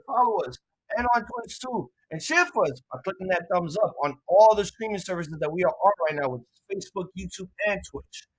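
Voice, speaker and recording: A young adult with a New York accent co-hosting a casual live reaction stream, ranting loudly and joking with plenty of profanity. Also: medium pitch, rough recording. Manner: loud, profane, joking rants.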